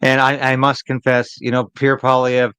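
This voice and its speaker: A man's voice: mid-range voice, completely flat delivery, normal speed, bright, forceful tone, clean tone, dry recording, low-quality recording. Emphatic man hosting live political commentary. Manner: emphatic, repetitive, opinionated.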